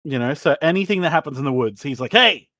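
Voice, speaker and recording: A man's voice: on the high side, quick pace, no echo. A man narrating as game master in a casual, rambling way with many fillers.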